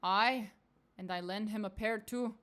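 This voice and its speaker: A woman voicing a fierce, coarse female spirit who shares an elf's body, speaking slowly and gruffly with a rough attempted accent. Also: mid-range voice, a bit bright, lightly acted. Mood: defiant.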